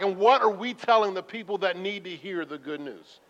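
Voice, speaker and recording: A man with a high voice preaches in a church sanctuary. He tells his stories in a chatty, self-deprecating way and now and then breaks into loud bursts. The sound is muffled, with a long hall echo. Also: expressive, normal speed. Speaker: pastor. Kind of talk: sermon. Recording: muffled reverberant hall recording.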